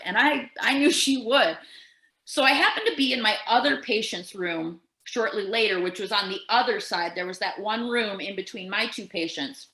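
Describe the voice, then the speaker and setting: A woman's voice: a little high, normal speed, echoey room, poor audio. A nurse and podcast co-host, a woman telling a story casually and acting out the voices of the people in it. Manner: animated storyteller who acts out quoted voices.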